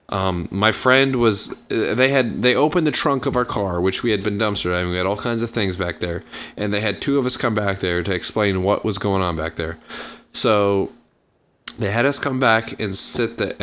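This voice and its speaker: A man with a lowish voice spins a meandering anecdote while playing a game. He piles on fillers and restarts and mimics the people in his story, and a faint background hum sits under the recording. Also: a bit bright. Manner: rambling, filler-heavy, acts out quotes. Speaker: gaming channel host. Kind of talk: casual storytelling over gameplay.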